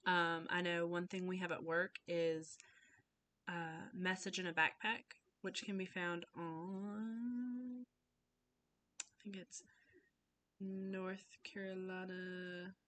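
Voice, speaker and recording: A woman's voice: fairly low pitch, steady tone, takes it slowly, long pauses, fairly bright tone, a little hiss or hum. A young woman giving an informal class speech over a webcam, casual and full of fillers and restarts.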